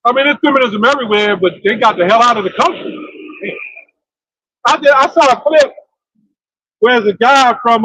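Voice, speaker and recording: High-voiced man telling profane stories. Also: no room sound, low-quality recording. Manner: animated, profane storytelling. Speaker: discussion leader. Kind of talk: casual religious discussion.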